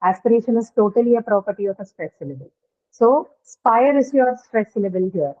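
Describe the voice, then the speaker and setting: Woman, phonetics teacher, higher voice, tinny phone-like line, explains and quizzes. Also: expressive, brisk. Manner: explains step by step, asks students questions. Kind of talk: online class lecture. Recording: tinny phone-like call audio.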